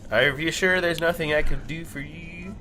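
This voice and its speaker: Playful, teasing tabletop player. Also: male voice, a little high, normal speed, pushed and bright, slight background noise. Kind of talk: casual tabletop role-play.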